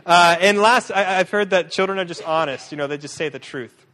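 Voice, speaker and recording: High-voiced man preaching in a reverberant hall. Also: a little fast. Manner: lively, humorous, with frequent restarts. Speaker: guest preacher. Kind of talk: sermon. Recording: long reverb of a large hall.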